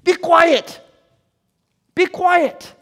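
An irritated crowd barks orders to hush and quit yelling, a man putting it on in a high, pinched voice. The voice sits far above a normal speaking pitch. It echoes with long reverb, as if in a large hall. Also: extremely slow, full character voice. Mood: scolding. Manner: scolding, bossy. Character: irritated crowd shushing beggars, adults.

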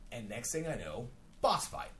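A man's voice: mid-range voice, moderate pace, slight background noise. A man hosting a casual podcast, telling a gaming story with lots of swearing and sarcasm. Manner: profane, animated storytelling with sarcasm. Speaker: podcast host. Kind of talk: casual chat.

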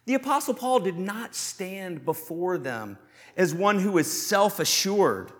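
A man preaching a sermon with a fairly high voice. He talks earnestly, asks the room questions and drops to slow, heavy phrases for emphasis before rushing through quick asides. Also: sing-song. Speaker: pastor.

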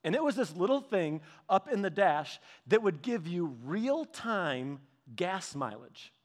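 A middle-aged pastor with a voice that sits high preaches a storytelling sermon at a measured pace. He tells family stories with humor in an animated way, chuckling often and restarting his sentences.

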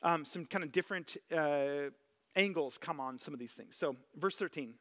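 A man's voice: fairly high pitch, moderate pace, fairly bright tone. A man preaching a sermon as a church pastor, casual and chatty, with many fillers and restarts. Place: church sanctuary.

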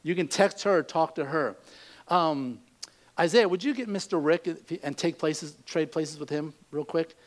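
Relaxed man pastor giving church notices. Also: fairly high pitch, normal speed. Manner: relaxed, conversational, with frequent fillers. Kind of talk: church announcements. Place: church service.

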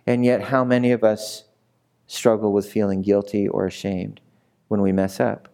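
A man's voice: lowish voice, level tone, normal speed, creaky, mellow, clean tone. A male pastor preaching a passionate sermon, repeating phrases and asking his listeners direct questions. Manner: passionate, repetitive, asks the audience direct questions.

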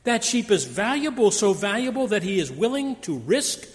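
A man preaching a sermon, telling stories in an animated storytelling manner. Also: normal speed. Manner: storytelling with wide pitch swings. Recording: long hall reverb.

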